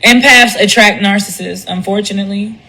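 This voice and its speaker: Woman, blunt and profane live-stream ranter, bright tone. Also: mid-range voice, normal speed, low-quality recording. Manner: blunt, profane, animated, mimics others in quotes. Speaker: commentator speaking on a live stream. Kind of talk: candid monologue on a live stream.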